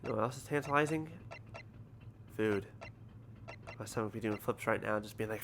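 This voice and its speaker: A man's voice: medium pitch, a little fast, pauses often. A man streaming a game, casually joking and swearing while reading dialogue aloud. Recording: background noise from home stream setup.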